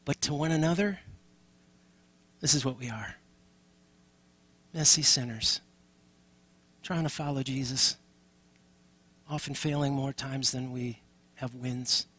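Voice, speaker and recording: A man's voice: medium pitch, steady tone, slow pace, long pauses, a bit bright, husky. A man serving as pastor and leading a communion service, speaking earnestly and calling on the congregation directly.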